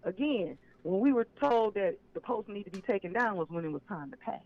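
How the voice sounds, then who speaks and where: A man with a notably high voice calls in over a dull, lo-fi phone line. He tells his story emphatically and with a clear sense of grievance, pressing each point home. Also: lively intonation, brisk. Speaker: caller. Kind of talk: phone-in call on a live stream.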